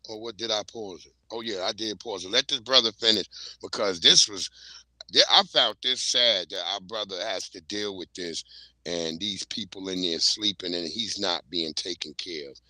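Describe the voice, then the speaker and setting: A man hosts a relaxed livestream, joking and cussing freely as he swaps stories. His voice is very bright, and the room around him sounds dry and close. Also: on the low side, no echo. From Virginia. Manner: loose, joking, profane banter. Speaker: livestream host. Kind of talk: casual livestream chat.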